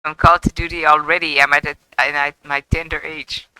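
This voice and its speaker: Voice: mid-range voice, little pitch movement, brisk, background noise, lightly acted. A streamer reading as an eager young forensics buff. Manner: scolding, lecturing. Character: eager young woman forensics fan, bossy. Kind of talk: reading game dialogue aloud on stream.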